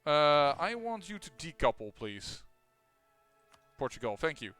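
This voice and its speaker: A man's voice: a little high, very animated, unhurried, fairly bright tone, soft background music. Chatty man narrating a strategy game. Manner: chatty, thinks aloud with frequent fillers and restarts. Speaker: gameplay commentator. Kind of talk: casual strategy game commentary.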